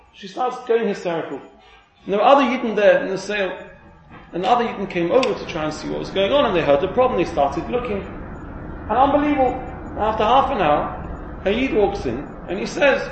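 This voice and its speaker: Male rabbi, high lively voice, acts out his story, roomy hall with faint hiss. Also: fairly quick, vocal fry. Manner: animated storyteller, acts out the characters' lines. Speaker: rabbi giving a talk. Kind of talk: storytelling talk.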